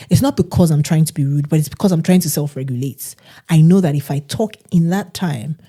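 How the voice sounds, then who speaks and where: A woman, co-hosting a casual podcast and telling stories in an animated way. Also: sits low, brisk. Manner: animated storytelling, mimics others' voices. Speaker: podcast co-host. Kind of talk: casual chat.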